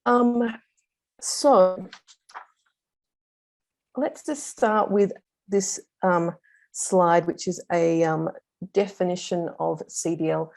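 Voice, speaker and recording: A woman giving an academic law presentation on an online call, measured and steady with frequent pauses and ums. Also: on the low side, creaky. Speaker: invited speaker on law. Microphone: video call.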